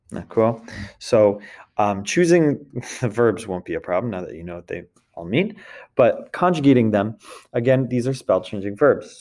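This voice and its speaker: A man's voice: lowish voice, a little mellow. A man teaching a recorded French lesson, explaining step by step and often checking in with the class.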